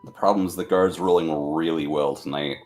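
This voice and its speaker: Deep-voiced man playing a tabletop game. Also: fairly even intonation, over music. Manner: deliberate, swears freely. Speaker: player. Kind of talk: casual tabletop play.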